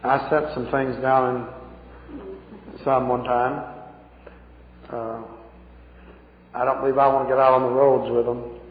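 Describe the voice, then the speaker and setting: A man's voice: medium pitch, level tone, slow pace, pauses often. Preacher guy, folksy, chuckles as he tells it, tinny phone-like sound, big echoey hall. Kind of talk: folksy sermon storytelling.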